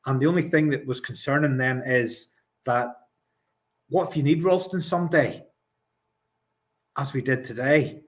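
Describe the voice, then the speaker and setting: A man co-hosts a football podcast at a plain middle pitch. He weighs his points carefully and often stops to restart a sentence. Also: moderate pace, pauses often. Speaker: podcast co-host. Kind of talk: casual football chat.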